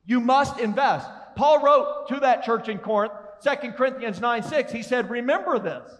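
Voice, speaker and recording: A male pastor preaching an energetic sermon, calling on the congregation to repeat lines with him. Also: extremely high pitch, moderate pace. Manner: energetic, calls congregation to respond. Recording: long reverb of a large hall.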